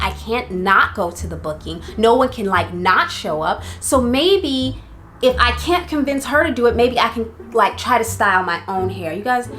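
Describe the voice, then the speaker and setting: A young woman casually telling a personal story for her vlog, chatty and animated, with many fillers. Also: fairly high pitch. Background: faint background music.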